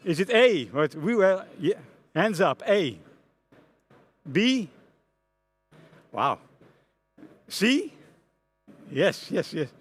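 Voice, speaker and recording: A middle-aged man with a Dutch accent speaks from a conference stage. His voice sits somewhat high for a man. He tells his story in an animated way, stopping often to restart his sentences. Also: drawn-out words, long pauses. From Netherlands. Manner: animated, many hesitations and restarts. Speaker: conference speaker, front-end architect.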